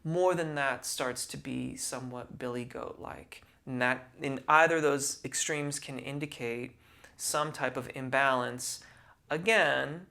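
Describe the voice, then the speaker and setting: A man teaching singing, explaining vocal technique in a measured, patient way and using technical singing terms. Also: medium pitch, steady tone, gravelly, sharp tone.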